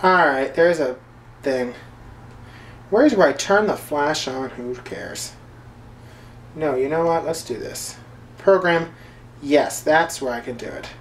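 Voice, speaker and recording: A man's voice: on the high side, animated, slow, long pauses. A man hosting a casual video journal from his kitchen, rambling loosely and packing his talk with filler words. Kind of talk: casual chat while cooking. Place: home kitchen. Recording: roomy, distant mic, faint background noise.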